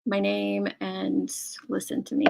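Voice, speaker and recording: A woman's voice: medium pitch, completely flat delivery, unhurried, creaky, warm tone. A woman hosting a casual online chat, talking in a giggly, chatty way. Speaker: host.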